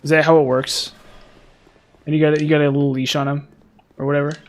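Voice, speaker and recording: A man's voice: fairly high pitch, flat delivery, fast talker. A man chatting casually while playing a video game, rambling with lots of fillers and restarts. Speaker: gaming streamer.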